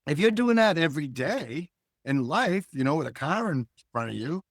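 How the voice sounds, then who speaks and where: An older man and guest cartoonist, talking in a reflective, philosophical way and telling animated stories in a relaxed interview. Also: fairly high pitch, normal speed, no echo, studio quality. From Hull, Massachusetts.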